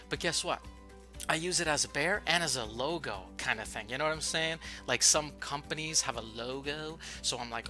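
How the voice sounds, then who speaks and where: A playful, excitable man with a slightly high and very bright, forceful voice, giving casual vlog tips as an online English teacher. Faint music sits behind him. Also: normal speed.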